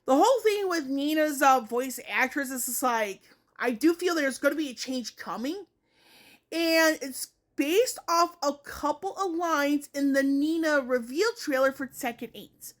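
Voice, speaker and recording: A woman's voice: sits high, fairly bright tone. A woman giving her opinions in a casual gaming vlog, talking in a rambling way and correcting herself often. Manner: rambling, self-correcting, many hedging asides. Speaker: gaming vlogger.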